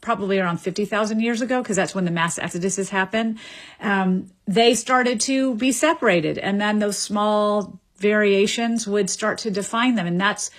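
A woman, a linguist guest, answering interview questions in a measured, lecturing way and repeating words as she thinks. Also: medium pitch. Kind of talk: explanatory radio interview answers.

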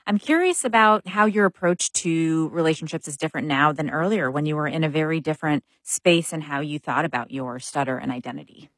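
A woman hosting an interview who asks smooth, measured questions and introduces guests. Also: low-pitched, a bit bright, dry recording, poor audio. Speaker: interview host.

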